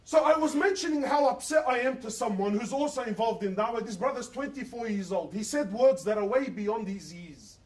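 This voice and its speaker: A man's voice: very high voice, lively intonation, brisk, few pauses, roomy sound, distant mic. A man, preaching an emotional sermon and asking his listeners rhetorical questions. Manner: impassioned, quotes others in dialogue, asks rhetorical questions. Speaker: Islamic preacher.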